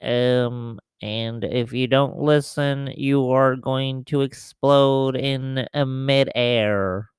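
This is an apologetic male government official, played by a man who rambles nervously and stumbles over fillers. His voice is very smooth and clear, and he speaks slowly. The recording is dry and close. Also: medium pitch, fairly even intonation, dry recording. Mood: officious. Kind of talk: improvised comedy sketch.

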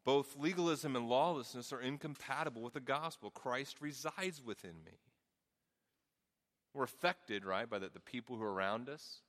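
A middle-aged man preaching a sermon with a softened Southern accent, earnest and repeating words as he thinks aloud. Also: mid-range voice, normal speed. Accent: Southern US, softened by Midwest. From American South. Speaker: pastor. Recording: long reverb of a large hall.

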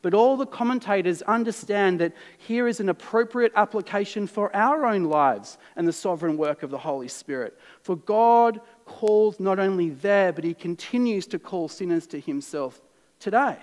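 An Australian man delivering a sermon with a notably high voice, chatty yet earnest, dropping to near-hushed stretches. The sound rings with the long reverb of a large church hall. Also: moderate pace. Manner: conversational, earnest, shifts between lively and hushed. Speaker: preacher.

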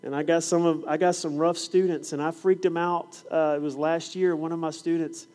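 Slight background noise sits under a somewhat high voice moving at a moderate pace. The middle-aged man, a preacher and fifth grade science teacher, tells classroom stories as part of a sermon, animatedly acting out what happened.

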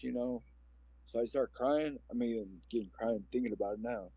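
A man's voice: medium pitch, moderate pace, breathy edge, dry recording, highs cut off. A man in his forties from Omaha, Nebraska, telling his personal story as a podcast guest in an earnest, rambling, emotional way. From Omaha, Nebraska, USA. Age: 40s.

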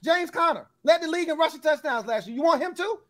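High-voiced man in a heated sports argument. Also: quick pace, a little hiss or hum. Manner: animated, laughing, talks over others. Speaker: sports debate panelist.

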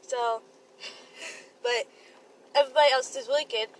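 A young woman, the host's daughter, talking softly and shyly in a car. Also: high-pitched, steady tone, measured pace, a little hiss or hum, low-quality recording.

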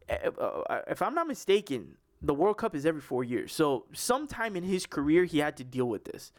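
A slightly high-voiced young man chatting on his own sports podcast. He rambles, circles back and restarts his sentences, with plenty of fillers along the way. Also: sing-song, normal speed, hardly any pauses. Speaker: podcast host. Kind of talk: casual sports podcast chat.

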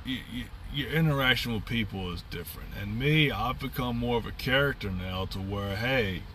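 A man's voice: mid-range voice, moderate pace, fairly bright tone, recorded from a distance, a little hiss or hum. A middle-aged man hosting a podcast, talking in a rambling, upbeat, casual monologue full of fillers and restarts. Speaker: podcast host.

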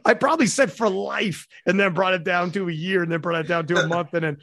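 High-pitched and fast with vocal fry, this podcast host tells animated stories in casual chat, swearing a lot and acting out quotes. There's no room sound, just clean studio sound.

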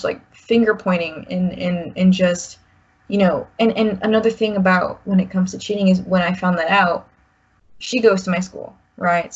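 A woman in her twenties, a guest, rambles through a personal story with many "like"s and restarts. Her medium-pitched voice has a breathy edge. The recording is slightly muffled.

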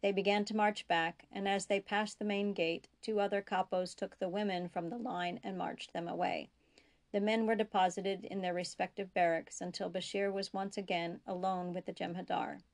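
A woman reading her own fiction aloud in a steady, measured narration, dropping to soft whispers for tense dialogue. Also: medium pitch, gravelly. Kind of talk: audiobook-style fiction reading.

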